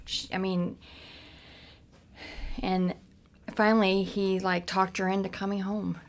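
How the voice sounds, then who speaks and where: A woman from Cincinnati, a podcast guest, frankly and haltingly recounting her own past with many restarts. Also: mid-range voice, little pitch movement. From Cincinnati, United States. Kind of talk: candid personal storytelling.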